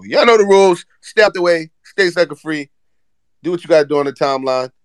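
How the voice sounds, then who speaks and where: A man's voice: on the high side, lively intonation, a little fast, clear, resonant tone, no room sound. A man hosting a casual live audio chat, exasperated and profane as he keeps the others in line. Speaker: host.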